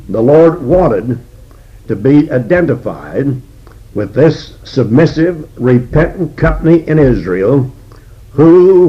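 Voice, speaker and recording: Older male Bible teacher, husky and unhurried, deliberate sermon delivery on a dull lo-fi recording. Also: mid-range voice. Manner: slow and deliberate, with frequent "uh" pauses. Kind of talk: expository sermon.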